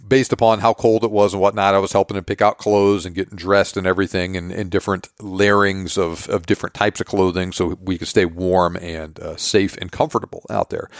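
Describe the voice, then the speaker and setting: A man's voice: low voice, smooth, no room sound, clean studio sound. A man hosting a podcast, casually recapping a story and acting out quoted dialogue. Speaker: podcast host.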